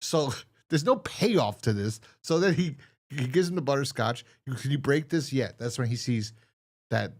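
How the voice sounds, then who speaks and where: A man's voice: mid-range voice, animated, normal speed. A man co-hosting a podcast in casual chat, rambling and exasperated as he retells a TV episode and acts out its lines. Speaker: podcast co-host.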